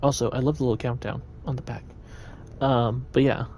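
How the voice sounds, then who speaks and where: A man's voice: medium pitch, steady tone, fairly quick, darkish tone, slight background noise. A man chatting his way through a live gameplay stream, meandering and thinking aloud.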